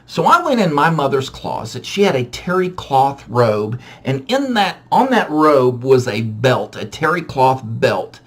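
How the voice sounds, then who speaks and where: A man casually telling a funny true story from his childhood, animated and self-mocking, with frequent restarts. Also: medium pitch, a little slow, hardly any pauses.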